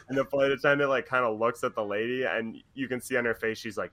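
A man's voice: medium pitch, brisk, few pauses, crowd noise. A young man in casual podcast chat, animatedly retelling a story and acting out the quotes. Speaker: podcast co-host.

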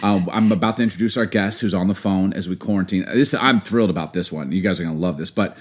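A man co-hosting a casual podcast, teasing and quick to laugh. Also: sits low. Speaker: podcast co-host. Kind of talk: casual chat.

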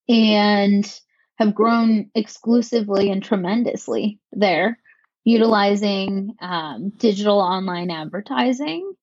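A woman co-founder answering interview questions in a measured, articulate way, with a touch of dry sarcasm. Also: mid-range voice, a little mellow, no room sound, highs cut off. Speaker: company co-founder.

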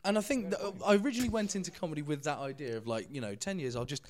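A man's voice: a little high, racing. A man, a comedian guest on a podcast, chatting casually and agreeing often. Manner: laid-back, lots of agreeing "yeah", restarts with "sort of". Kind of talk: casual chat.

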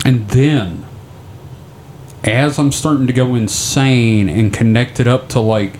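A man in casual podcast chat, rambling through a long story and swearing freely. His voice sits at an ordinary middle pitch. A faint hiss of noise runs underneath. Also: takes it slowly, darkish tone. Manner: rambling storyteller, profane, loose and joking. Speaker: podcast co-host.

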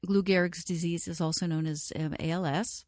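A woman teaching about aromatherapy in a gentle, reassuring talk, speaking straight to the listener. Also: fairly low pitch, steady tone, fairly quick, no echo, clean studio sound.

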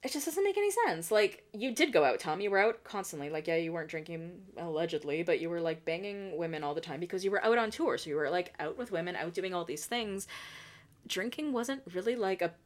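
A woman's voice: on the low side, a little fast. A woman hosting a podcast, recapping a reality show in casual, opinionated chat with many "like" fillers. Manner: opinionated, chatty, heavy use of "like". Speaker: podcast host.

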